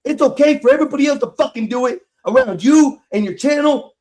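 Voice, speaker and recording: Man, very high voice, stream host, angry, defiant, heavy swearing. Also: fast talker, a little mellow. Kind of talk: heated argument on a live stream.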